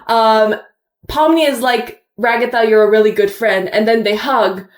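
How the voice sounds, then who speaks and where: A woman's voice: on the high side, fairly even intonation, normal speed, reverberant. A woman chatting casually and animatedly, retelling what happened with bursts of laughter. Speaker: co-host reacting to a show finale. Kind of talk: casual chat.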